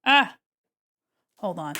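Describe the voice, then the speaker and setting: A woman's voice: lowish voice, big pitch swings, drawn-out words, sharp tone. A woman livestreaming while she draws, chatting playfully and talking through each step of her work. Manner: chatty, narrates her own actions, playful. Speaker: livestreaming artist. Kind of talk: casual chat while drawing.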